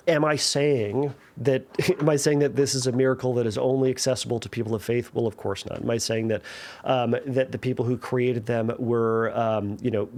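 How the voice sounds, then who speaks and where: A man hosting a podcast, talking casually and answering a listener's question, with frequent fillers and restarts. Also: medium pitch. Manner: conversational, many fillers and restarts, tells jokes with animated voices. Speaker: podcast host. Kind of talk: casual chat.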